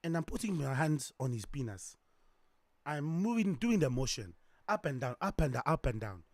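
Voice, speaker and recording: Guy doing a breathy hushed flirty woman, teasing and coaxing, dry close sound. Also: a little high, very animated, moderate pace, no echo, voice pushed down. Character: flirty seductive woman teasing her lover.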